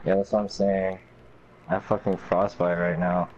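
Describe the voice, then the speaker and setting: A young man streams a game while chatting with teammates over a headset, swearing a lot and turning excitable, often frantic and high-pitched when chased. His speed is normal, and the audio has its highs cut off with a little hiss or hum.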